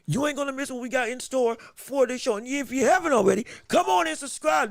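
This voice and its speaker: A high-pitched man hosting a live podcast stream, his voice gravelly with fry. He talks in an energetic, excitable way, greeting viewers and restarting his sentences. The sound is dry and close. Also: fast talker, dry recording. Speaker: podcast host. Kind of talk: live-stream boxing podcast, reading the chat.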